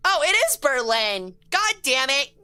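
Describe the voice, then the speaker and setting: Bright high-voiced woman streamer. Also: measured pace, faint music behind. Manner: excitable, swears a lot when frustrated, chats with viewers. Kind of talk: casual live-stream game commentary.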